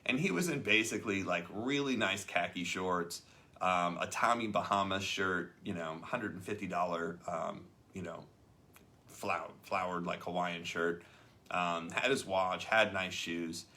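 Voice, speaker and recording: This low-pitched male host speaks a little slowly in a bright, forceful tone. In a relaxed conversation about a leadership book, he tells a story and impersonates the people he quotes.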